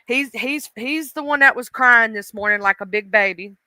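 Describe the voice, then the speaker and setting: A woman chats on her livestream, emotional and talkative as she greets viewers one by one. Her voice is very bright and smooth. It is recorded close and dry, with no room sound. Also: a little high, normal speed, dry recording. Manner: chatty, emotional, greets chat by name. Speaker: livestream host. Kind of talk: casual livestream chat.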